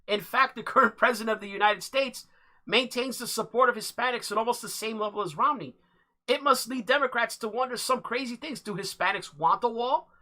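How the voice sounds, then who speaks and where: A livestream host giving political commentary, partly reading an article aloud at a steady, measured pace. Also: mid-range voice. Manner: halting, with many fillers and restarts.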